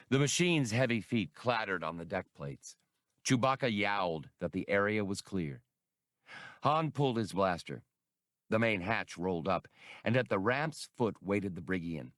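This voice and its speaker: A male audiobook narrator with a low voice and a lively, varied delivery, telling the story in a measured way. The recording is dry and close. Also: no echo. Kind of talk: scripted narration.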